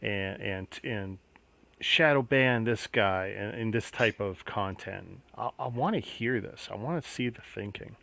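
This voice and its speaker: A man's voice: fairly low pitch, measured pace, vocal fry, pushed and bright, no echo. A man hosting a casual livestream, chatting and musing aloud as he builds a model kit. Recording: faint background noise.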